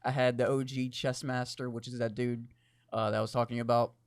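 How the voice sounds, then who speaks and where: A man at a middle pitch co-hosts a podcast, rambling, cursing freely and breaking into laughter. His voice is deep and crackly from the morning. The sound is close and dry, with no room echo. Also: little pitch movement, fairly quick, clear, resonant tone. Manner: rambling, profane, laughs often. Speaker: podcast co-host. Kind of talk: casual chat.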